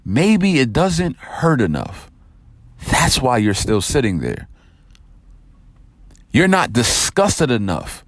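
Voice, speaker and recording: A man's voice: medium pitch, wildly swooping pitch, takes it slowly, pauses often, dry recording, clean studio sound. A man hosting a motivational podcast, talking directly and energetically to his listeners and telling a story to make his point.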